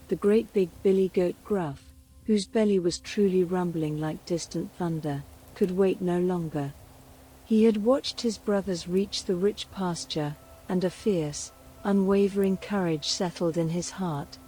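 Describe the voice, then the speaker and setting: A woman narrates a folktale in a soft, soothing whisper meant to lull listeners to rest. Her voice is warm and mellow, and she speaks very slowly, with a faint hiss of background noise. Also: medium pitch, poor audio. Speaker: storyteller. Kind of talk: whispered bedtime storytelling.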